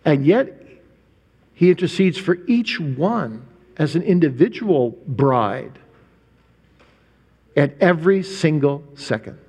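A male preacher with a high voice delivers an emphatic sermon, leaning hard on key words and stretching them out. He fires off rhetorical questions at the congregation. His voice rings with a long reverb in a big church hall. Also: animated, slow pace, pauses often, a little mellow, breathy edge.

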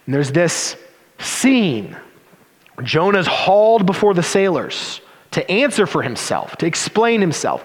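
A male pastor preaches with a fairly high voice that climbs and dips with lots of expression. He drops into teasing, sarcastic asides. The sound carries a long reverb, as in a large hall. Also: big pitch swings, measured pace. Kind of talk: sermon.

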